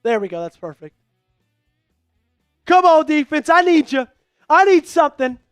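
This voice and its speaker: A man calling a game live for an online fan stream, hyped and pleading with his viewers, rising to shouts at big plays. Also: very high voice, big pitch swings, normal speed, dry recording, clean studio sound, faint music behind. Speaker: fan livestream play-by-play host. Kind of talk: excitable live play-by-play commentary.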